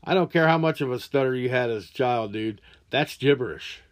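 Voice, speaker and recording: A man's voice: medium pitch, fairly quick. A man hosting a podcast, ranting crudely and angrily with heavy swearing. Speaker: podcast host. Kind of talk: profane rant monologue.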